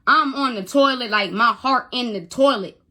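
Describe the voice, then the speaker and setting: A woman's voice: a little high, moderate pace, pushed and bright. A young woman on a phone livestream, talking emotionally, stammering, repeating herself and swearing. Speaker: social media livestreamer.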